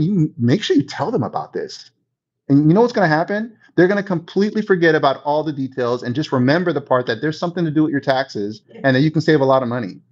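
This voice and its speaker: In a brisk, very animated voice on the high side, a bit mellow, a man coaches listeners on real estate in a chatty way, often tossing in "okay?" and "right?" to check in. The recording sounds dull and lo-fi.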